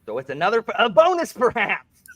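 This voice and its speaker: Man, quiz host, high voice, lively pitch, playful, jokey. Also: fairly quick. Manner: playful, jokey, reads clues twice. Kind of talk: hosting a bookish quiz game. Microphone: desk microphone.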